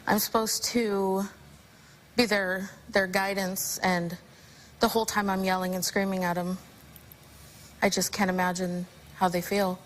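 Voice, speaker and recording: A young woman, a talk show guest, speaking haltingly and remorsefully with many restarts. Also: medium pitch, little pitch movement, a little hiss or hum, low-quality recording.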